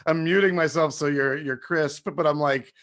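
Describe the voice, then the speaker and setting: Casting: male host, fairly high voice, quick amused reactions over a video call. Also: steady tone, fairly bright tone.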